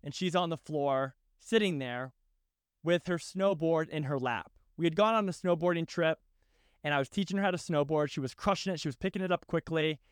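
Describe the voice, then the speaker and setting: A man's voice: a little high, a little fast, clean tone, no room sound, studio quality. A young man hosting a podcast, telling a personal story in a casual, heartfelt way and often tagging on "right?" and "dude". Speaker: podcast host.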